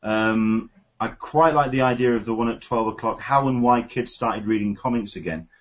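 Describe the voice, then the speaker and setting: Speaking at medium pitch and a moderate pace, a British man hosts a podcast full of eager, rambling casual chat and frequent fillers. The recording is lo-fi and dull.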